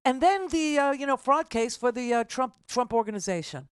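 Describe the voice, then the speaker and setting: A woman's voice: high-pitched, expressive, moderate pace, smooth, dry recording, studio quality. A middle-aged woman hosting a political talk radio show, combative and exasperated as she argues with callers' claims.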